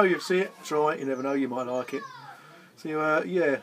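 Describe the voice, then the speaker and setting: A man's voice: on the high side, a little fast, fairly bright tone, a little hiss or hum. Chatty man reviewing beer. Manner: chatty, rambling, easygoing. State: tired after gardening. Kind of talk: casual beer review vlog. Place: indoors, with garden party music outside. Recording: faint music in the background. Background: music from back garden.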